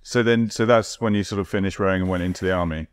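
A man hosting a podcast, asking relaxed follow-up questions. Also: deep voice, fast, smooth, no room sound, studio quality. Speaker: podcast host. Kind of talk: interview questions.

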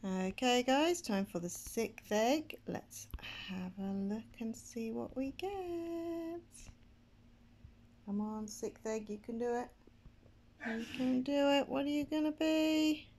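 A woman giving casual gameplay commentary, excitable and chatty, gasping and squealing as she talks to her viewers. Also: fairly high pitch, slow, a little hiss or hum. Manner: chatty, addresses viewers as guys. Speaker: gaming channel host.

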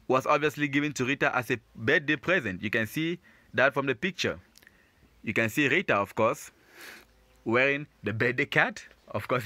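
A man's voice: mid-range voice, pushed and bright, no echo. A man teaching beginners, patiently repeating and explaining each phrase in a lesson. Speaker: French teacher.

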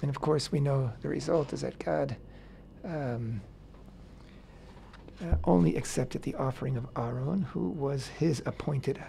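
A man on a radio talk show explaining a Bible passage in a casual, animated way, acting out the characters' words in paraphrase. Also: medium pitch, a little slow, gravelly, a little hiss or hum. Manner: animated, acts out quotes in paraphrase, many fillers. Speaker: radio host teaching the weekly Torah portion. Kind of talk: casual Torah discussion on radio.

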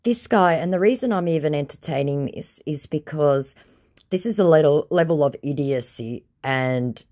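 A woman's voice: extremely low pitch, darkish tone. A woman with an Australian accent, bluntly and sarcastically reading out and commenting on chat messages. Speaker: scambaiter sharing chats. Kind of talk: reading chats aloud with commentary.

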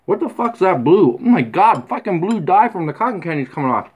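A middle-aged man rambling crudely in a casual vlog, swearing constantly with rough humor. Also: sits high, big pitch swings, fairly quick. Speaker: vlogger. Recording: faint background noise.

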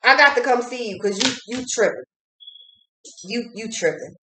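A woman's voice: a little high, animated, moderate pace, pushed and bright, slight background noise. A woman giving a casual tarot reading, talking bluntly with lots of swearing and repeating phrases for emphasis. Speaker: tarot reader. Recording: echoey room.

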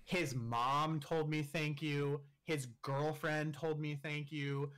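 A man's voice: on the high side, slow pace, clean tone. Young man telling a profane story. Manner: profane, with constant "like" fillers; animated, laughing through funny parts. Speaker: podcast guest. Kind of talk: casual storytelling.

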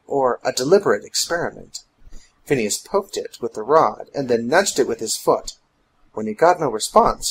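Husky dramatic male narrator. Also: medium pitch, rough recording. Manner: dramatic, storytelling. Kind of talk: scripted audiobook narration.

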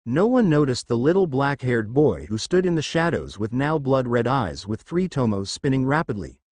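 A man narrating a fan fiction story in a steady storytelling read. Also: medium pitch, normal speed, no room sound.

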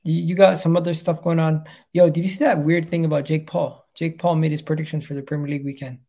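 A young man hosting a casual football chat, chatty and quick to laugh. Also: a little high, flat delivery, dark tone. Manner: chatty, laughs easily, breaks into impressions. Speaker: football channel host.

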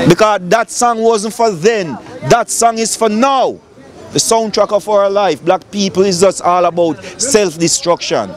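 A man's voice: high-pitched, normal speed, music in the background. A middle-aged Jamaican man preaching on a city street in a fiery, profane, lecturing manner. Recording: loud street crowd noise.

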